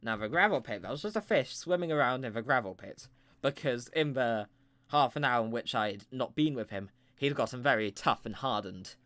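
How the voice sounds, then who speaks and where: A man's voice: medium pitch, animated, moderate pace, a bit bright. A man telling a rambling improvised comic story with playful, self-mocking asides.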